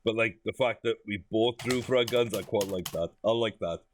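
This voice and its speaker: A man giving a casual first-look commentary on a game, chatty and amused, thinking out loud. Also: lowish voice, a little fast, slight background noise. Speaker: gaming YouTuber.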